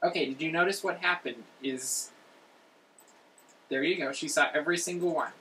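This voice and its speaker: A man's voice: on the high side, moderate pace, sharp tone. A man hosting a casual group chat, upbeat and laughing as he prompts the others. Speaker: host. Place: room with several people, screens and a camera. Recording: distant room mic with faint noise.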